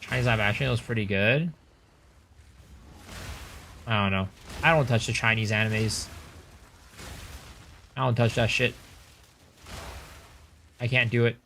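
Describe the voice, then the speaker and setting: A man streams a game and chats casually with his viewers, offering loose, blunt opinions and some swearing. His voice is fairly low with a fairly bright tone, and there's a little hiss or hum.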